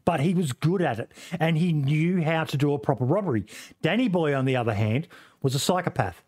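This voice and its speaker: A man's voice: fairly high pitch, darkish tone. Rambling man chatting about games. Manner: rambling, swears, many fillers and restarts. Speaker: streamer. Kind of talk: casual gaming podcast chat.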